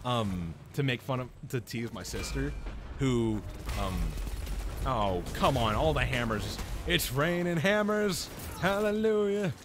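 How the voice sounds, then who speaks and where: A young man streaming a video game, rambling chattily with lots of fillers and restarts, and breaking into excited high yelps when something happens in play. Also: a little slow, music in the background. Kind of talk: live gameplay commentary. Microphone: headset-style desk mic, headphones off. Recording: noisy game stream audio.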